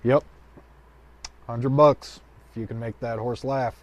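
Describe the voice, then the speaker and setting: A man's voice: mid-range voice, fairly even intonation, slow, a little mellow, natural voice. A man voicing an easygoing adult male bartender in a told joke, talking in a drawling, matter-of-fact way.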